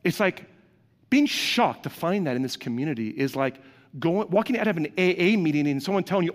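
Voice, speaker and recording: A man's voice: a little high, lively intonation, a little fast, long reverb tail. A man delivering a sermon as pastor, in a conversational way, acting out quoted voices and asking the congregation questions.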